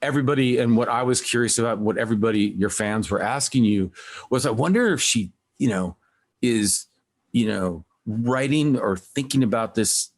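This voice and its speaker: A man hosting a music podcast, talking in a casual, rambling way and acting out quotes with lively voices. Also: medium pitch, moderate pace. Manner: rambling, animated when quoting others. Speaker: podcast host. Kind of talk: casual conversational interview.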